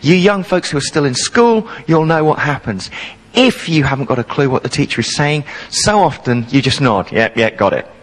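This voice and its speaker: A man's voice: a little high, expressive, moderate pace, rough recording. A man in his forties preaching a sermon, telling stories playfully and with humour. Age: 40s. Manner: humorous storytelling, playful.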